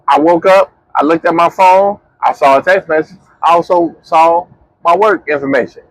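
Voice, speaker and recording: A young man, chatting casually as a podcast co-host and telling a story with lively, slangy quoting. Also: a little high, normal speed, no echo, low-quality recording. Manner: animated, slangy storyteller who acts out quotes.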